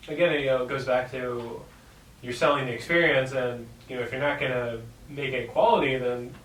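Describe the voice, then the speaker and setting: Laid-back podcast co-host, roomy sound. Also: male voice, medium pitch, steady tone, brisk, fairly bright tone. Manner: laid-back, lots of fillers. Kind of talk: casual podcast chat. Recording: roomy, distant mic, faint noise.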